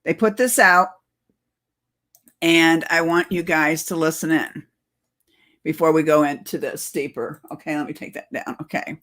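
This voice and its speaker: A woman's voice: low-pitched, steady tone, unhurried, pauses often, a bit bright. A woman host talking casually to her viewers in a rambling, chatty way, often laughing. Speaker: channel host.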